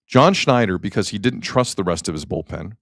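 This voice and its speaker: A man's voice: fairly low pitch, animated, brisk, gravelly, a bit bright, dry recording, clean studio sound. A man hosting a sports talk show, ranting emphatically with rhetorical questions in casual talk.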